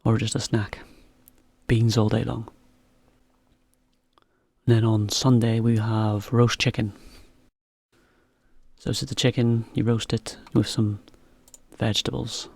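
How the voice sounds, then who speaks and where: A man teaching to learners, talking in a relaxed, chatty way with a laugh now and then. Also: mid-range voice, slow pace, creaky, long pauses, husky, dry recording. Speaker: English teacher. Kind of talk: slow, clear explanation for learners.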